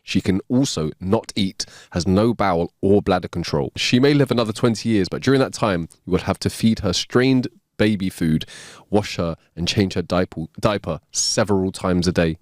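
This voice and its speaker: A man voicing a blunt male ER doctor in a told joke, flat and matter-of-fact. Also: low-pitched, moderate pace, no room sound, clean studio sound, lightly acted. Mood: deadpan.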